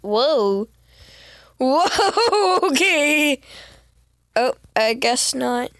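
A woman streaming a game, chatting casually in a giggly, excitable, rambling way while sounding sick. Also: high voice, drawn-out words, no room sound, studio quality. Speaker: gamer streamer. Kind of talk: casual live-stream commentary.

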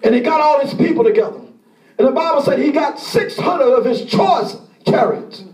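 A man preaching a sermon as pastor, impassioned and often shouting, acting out the pleas of the people he describes. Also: extremely high pitch, lively intonation, moderate pace, reverberant, distant mic.

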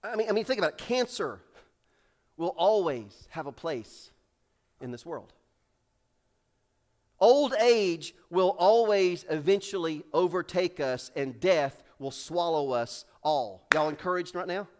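A man preaching a sermon in church, swinging between loud, acted-out build-ups and hushed, slow drops, and repeating phrases for emphasis. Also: on the high side, expressive. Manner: acts out characters in raised voices. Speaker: pastor. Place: church sanctuary.

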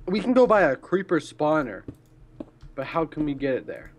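A man's voice: on the high side, very animated, moderate pace, a little hiss or hum. A young man playing a multiplayer game with friends, giggly and teasing. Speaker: co-player. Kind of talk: casual gaming chat.

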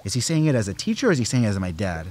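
A young man speaking as a guest on his father's podcast, reflective, with many fillers, and growing animated as he goes on. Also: on the low side, very fast, slightly rough. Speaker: podcast guest, host's son. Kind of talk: casual family podcast chat.

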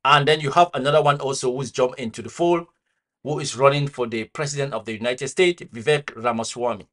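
A man's voice: mid-range voice, brisk, a bit bright. Man giving critical commentary. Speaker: commentary host. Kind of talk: commentary on clips.

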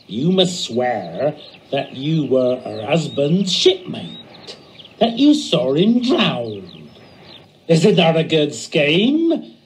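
A man's voice: high-pitched, heavily acted. A man voicing a scheming old sea smuggler in a model theatre play, full of salty nautical talk.

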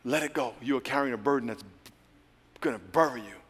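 Animated preacher in a big echoing hall. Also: male voice, mid-range voice, a little fast, husky. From United States. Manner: animated preaching, swinging from loud to hushed prayer. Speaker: pastor. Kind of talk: sermon. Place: large church hall. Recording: long hall reverb.

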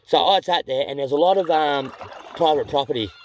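Fast-talking Australian man telling a rambling story. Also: a little high, a little hiss or hum. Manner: rambling, self-correcting, blunt and sweary. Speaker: vlogger. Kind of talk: casual storytelling.

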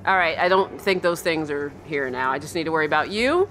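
Lively, bright-voiced woman gaming. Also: low voice, brisk, slight background noise. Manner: jumpy, yelps and shrieks, then drops to a hushed mutter; talks to her in-game dog. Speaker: let's play streamer. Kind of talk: horror game let's play commentary.

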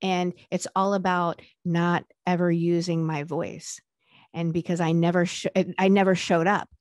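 A woman with a fairly low voice speaks frankly and earnestly in a candid interview, often pausing on fillers. The sound is dry and close, with no room echo. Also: little pitch movement. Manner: earnest, frank, with casual swearing and frequent fillers.

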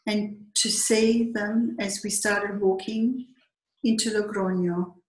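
Heartfelt woman telling a personal story. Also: mid-range voice. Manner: heartfelt, lively retelling with hesitations. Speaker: storyteller recounting a pilgrimage walk. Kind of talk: personal anecdote, conversational. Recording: echoey room.

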